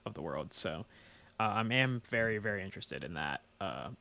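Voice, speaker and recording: Easygoing young man, low voice. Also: animated, moderate pace, vocal fry, pushed and bright. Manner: easygoing, hedging with "I mean" and "you know". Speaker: podcast co-host. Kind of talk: casual sports chat.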